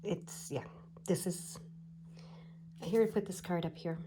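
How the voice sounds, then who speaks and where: Woman tarot reader: casual, chatty, digressive, scratchy throat she keeps clearing; warm, lowish voice. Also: unhurried. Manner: chatty, digressive, frequent fillers. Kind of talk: casual pick-a-pile card reading.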